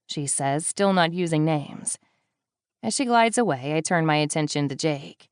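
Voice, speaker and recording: A woman reading a first-person thriller in a low, even voice, slipping in wry, deadpan asides. The recording is close and completely dry, with no room around her. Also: moderate pace, no room sound. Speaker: audiobook narrator. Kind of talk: first-person audiobook narration.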